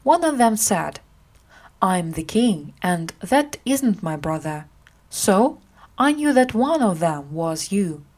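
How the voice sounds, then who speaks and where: A woman's voice: medium pitch, big pitch swings, takes it slowly, a little mellow. A woman reading aloud and voicing a jolly, bold knight in a storybook. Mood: hearty.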